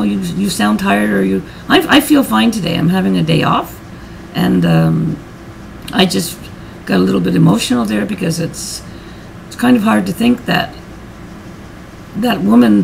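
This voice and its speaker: A woman's voice: mid-range voice, gravelly, a little hiss or hum, rough recording. A middle-aged woman vlogger telling a personal story in a heartfelt, rambling way, repeating her words and getting emotional.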